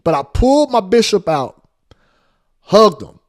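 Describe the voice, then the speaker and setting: Animated storytelling man, lively pitch. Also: unhurried. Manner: animated, acts out quotes with big pitch jumps; repeats phrases for emphasis. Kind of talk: storytelling monologue.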